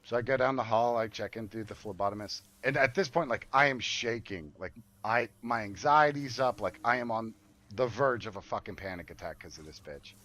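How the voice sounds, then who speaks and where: A man with a lowish, brisk voice tells a story casually while gaming. He's animated and profane, swearing a lot and acting out the quoted dialogue of people in the story.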